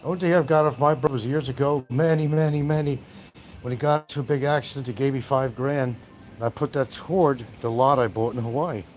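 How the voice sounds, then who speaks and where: A man's voice: medium pitch, steady tone, a little fast, a little mellow, slight background noise. A man hosting a livestream, rambling in a brash, taunting, trash-talking way. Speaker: livestream host.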